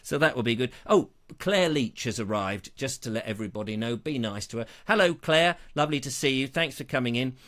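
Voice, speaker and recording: A man's voice: medium pitch, expressive, a little fast, hardly any pauses, fairly bright tone. A man hosting his own live show, chatting in a rambling, self-mocking, jokey way. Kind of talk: chatty live-stream banter.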